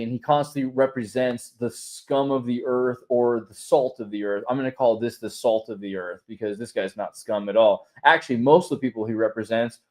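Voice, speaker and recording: A man hosting a show, chatting casually in a rambling, opinionated way, swinging from quiet asides to loud outbursts. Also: mid-range voice. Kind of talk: casual chat.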